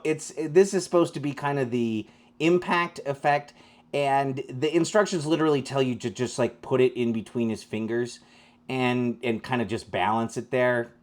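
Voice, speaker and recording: A man hosting a casual toy unboxing review, rambling and joking with frequent restarts. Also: medium pitch. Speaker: toy reviewer, channel host.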